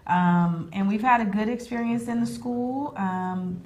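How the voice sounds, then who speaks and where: A woman guest on a chat show, answering in a halting, thoughtful way with many fillers and restarts. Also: mid-range voice, darkish tone. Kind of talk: interview answers.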